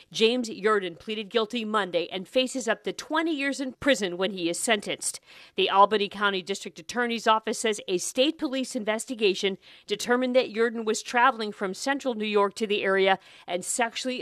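A woman reading a local radio news bulletin in a steady, measured way. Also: medium pitch, no room sound, clean studio sound. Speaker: newsreader.

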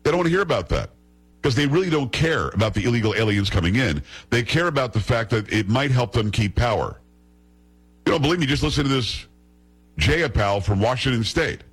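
Man hosting talk radio, husky tone, scornful and emphatic, mid-range voice. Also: medium pitch, animated, a little fast, rough recording. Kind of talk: opinionated talk radio monologue.

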